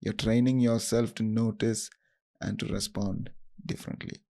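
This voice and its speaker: Man, guided practice host, low voice, creaky, unhurried, gentle instructions. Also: level tone. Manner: slow, gentle, instructive pauses. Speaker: podcast host. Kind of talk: guided self-compassion practice.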